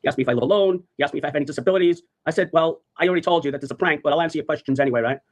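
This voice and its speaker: A man's voice: fairly high pitch, racing. A man telling a story on a livestream, rambling and profane, repeating his phrases over and over. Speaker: live streamer.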